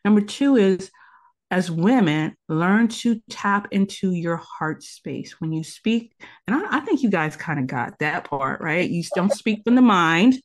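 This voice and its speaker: Guesting in a conversational interview, a woman with a lowish, animated voice teaches tantra at a measured pace. She is earnest and instructive, presenting her advice as numbered tips.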